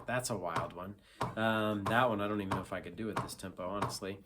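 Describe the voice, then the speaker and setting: A man teaching acoustic guitar in a relaxed, self-deprecating way, counting beats aloud and filling pauses with ums. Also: on the low side. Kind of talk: casual instructional talk. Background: acoustic guitar playing.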